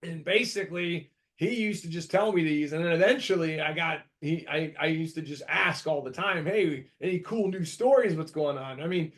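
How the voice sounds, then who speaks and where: A man in his thirties from the United States hosting a podcast, telling stories in a rambling, animated way, with many restarts, and breaking into shouted voices when he quotes people. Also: a little high, moderate pace, hardly any pauses. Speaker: podcast host. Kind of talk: casual storytelling chat.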